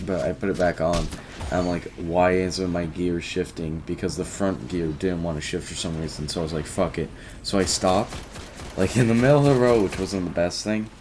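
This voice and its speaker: A man's voice: deep voice, background noise. A teenage boy casually telling a rambling story about his day, often quoting himself and restarting his sentences. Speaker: vlogger.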